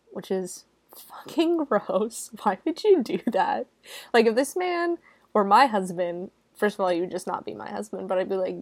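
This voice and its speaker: A young woman giving a casual, chatty movie recap, swearing freely and jumping into high, loud mock quotes. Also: no room sound. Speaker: movie reviewer.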